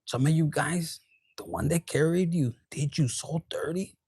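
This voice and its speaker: A man's voice: fairly high pitch, normal speed, breathy edge, no room sound. Cursing, Spanish-peppered man. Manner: profane, animated, switches into Spanish. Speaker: tarot reader. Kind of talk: collective tarot reading.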